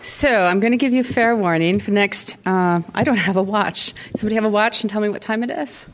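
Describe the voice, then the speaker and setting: A woman author reading her novel aloud to an audience, then taking questions with relaxed, self-deprecating asides. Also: mid-range voice, brisk, slight background noise.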